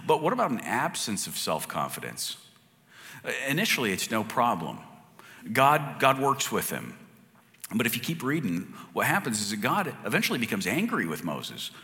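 Male pastor, lively sermon voice, long church reverb, loud then hushed. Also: mid-range voice, normal speed. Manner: conversational, swings from loud to hushed.

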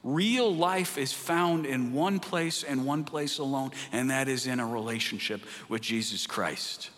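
A man's voice: mid-range voice, measured pace. Impassioned preacher man in a reverberant hall. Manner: impassioned, swings from loud urging to hushed near-whisper. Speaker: pastor. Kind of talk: sermon.

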